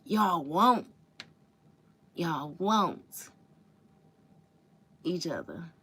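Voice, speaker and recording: Blunt, bright-voiced woman reading tarot. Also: on the low side, expressive, very slow, husky. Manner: blunt, profane, calls listeners baby and y'all; emphatic repetition. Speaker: tarot reader. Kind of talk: casual tarot reading livestream.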